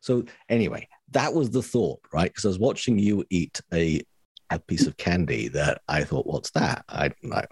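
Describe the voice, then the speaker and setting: A man's voice: deep voice, normal speed, husky, dry recording, studio quality. A man co-hosting a podcast in casual chat, rambling and self-mocking with a wry humor. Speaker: podcast co-host.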